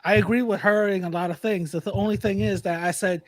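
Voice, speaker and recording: A man's voice: high-pitched, fairly even intonation, quick pace, no echo. A young man guesting on a casual debate chat, hesitant and repetitive, with laid-back slang.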